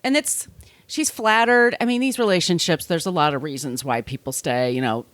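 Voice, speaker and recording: A woman podcast host telling a true-crime story in casual chat, sardonic and quick to laugh. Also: low voice, dry recording. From Long Island, New York. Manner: chatty, sardonic, laughs often, slips into put-on voices.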